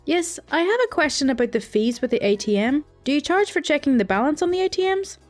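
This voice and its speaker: A woman's voice: sits high, expressive, quick pace, soft background music, pitched above the performer's own voice. A woman voicing an indignant elderly man who argues with his bank over fees, in a storytime reading. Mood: insistent. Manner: indignant, stubborn and accusing.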